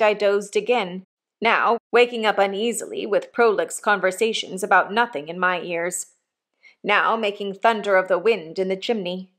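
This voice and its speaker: A woman narrating an audiobook of a classic novel in a measured, even storytelling manner. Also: medium pitch. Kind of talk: scripted narration.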